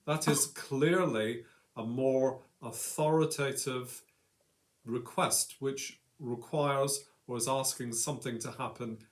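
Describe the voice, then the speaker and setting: A man's voice: mid-range voice, steady tone, slow pace. A man co-hosting an English lesson in an ordinary mid-range voice. He explains each grammar point patiently. When he gives the sample commands, he leans on them with authority. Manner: acts out example commands with strong emphasis. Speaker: English teacher.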